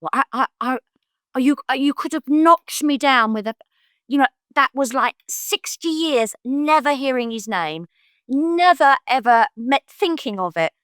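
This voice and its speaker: Unhurried and animated, an older psychic guest from London recounts stories in casual conversation, jumping into high pitch to act out quoted voices. The sound is clean studio quality with no room sound.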